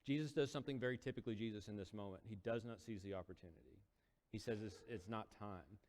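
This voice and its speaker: A man's voice: lowish voice, quick pace, a little mellow, a little hiss or hum. A male preacher retelling a Bible story in a casual, storytelling sermon, acting out quotes with rising intensity. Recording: long hall reverb.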